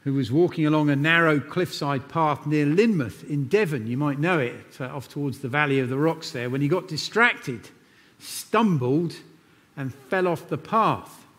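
A man's voice: a little high, normal speed, a bit bright. A man preaching a sermon in a church, telling a story in an earnest, conversational way. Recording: long church reverb.

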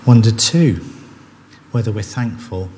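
A man preaches in a church, earnest and conversational, his fairly low voice carrying a long reverb off the walls. A faint hum of ambience sits behind him. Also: lively intonation, unhurried, a little mellow. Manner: earnest, conversational, with frequent restarts. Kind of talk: sermon.

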